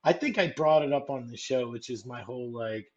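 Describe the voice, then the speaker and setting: A man's voice: mid-range voice, brisk, dull audio. A young man co-hosting a casual movie chat, rambling and filling his talk with "like". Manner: rambling, full of "like", acts out quotes. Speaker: co-host.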